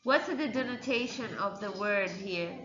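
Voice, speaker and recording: A woman's voice: medium pitch, unhurried, echoey room, muffled recording, noisy background. A woman teaching a classroom lesson, quizzing her pupils and repeating their answers back to them.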